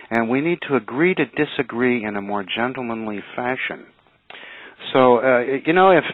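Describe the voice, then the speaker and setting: Radio co-host, male, earnest and halting, dry phone-line sound. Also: medium pitch, no echo. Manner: hesitant, earnest, measured. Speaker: radio show co-host, museum curator. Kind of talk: casual radio talk.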